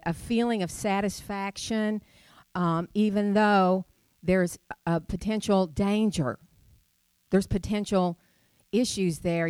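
A woman's voice: mid-range voice, a little mellow, clear, resonant tone, no echo. Middle-aged woman preacher, conversational sermon, dry close mic. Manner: chatty storytelling with rhetorical questions.

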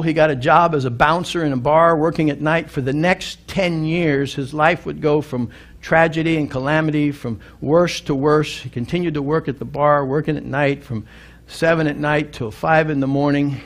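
A middle-aged pastor with a voice on the high side preaches a sermon, earnestly telling a story that builds to emphatic appeals. He often restarts and repeats words.

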